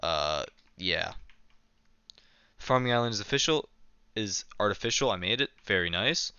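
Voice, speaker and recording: A man's voice: on the low side, expressive, normal speed, pushed and bright, clear, resonant tone, dry recording, dull audio. A young man casually live-streaming a game, chatting and reading his chat aloud with a self-mocking manner, keyboard clicks behind.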